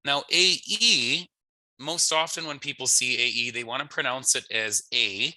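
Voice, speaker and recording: Man, Canadian English accent, language teacher, crisp bright tone, dry close sound. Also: medium pitch, unhurried, no echo. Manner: explanatory, relaxed, laughs at himself. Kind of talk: pronunciation lesson.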